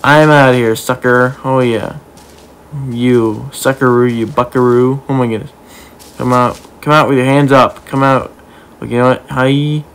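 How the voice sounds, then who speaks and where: Goofy man giving excitable game commentary. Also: medium pitch, normal speed, a little hiss or hum. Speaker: gaming YouTuber. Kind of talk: playful gameplay commentary.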